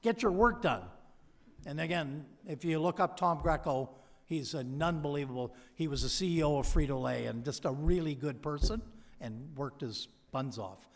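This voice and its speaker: A man's voice: a little high, moderate pace. A man gives a convocation speech, telling stories with energy and acting out what people said. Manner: energetic storyteller who acts out quoted dialogue. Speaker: honorary doctorate recipient giving a convocation address. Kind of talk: anecdotal motivational speech. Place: large convocation hall. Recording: long hall reverb from a PA.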